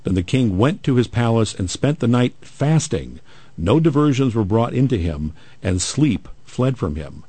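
A man hosting a radio show, reading scripture aloud in a measured way and adding playful asides. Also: mid-range voice, sing-song, mellow, breathy edge, no room sound.

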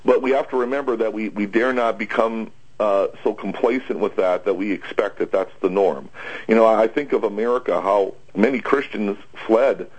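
A man, a pastor, talking through a Bible passage on a radio broadcast, halting with many fillers and restarts. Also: on the low side, slightly rough, poor audio. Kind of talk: conversational Bible discussion.

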